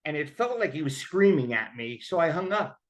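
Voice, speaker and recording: A man's fairly high voice swings widely in pitch as he briskly shares his own recovery story. He's candid and conversational, acting out quoted voices along the way.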